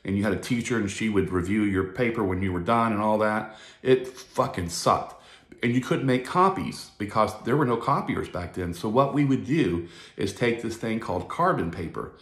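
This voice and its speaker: A man's voice: lowish voice, expressive, normal speed, a bit bright, roomy sound. A man giving a rambling, profane casual monologue as a video host.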